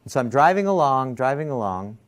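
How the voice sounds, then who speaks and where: A man's voice: medium pitch, sing-song, fairly quick. A man lecturing a class, telling a personal story and acting out his own thoughts.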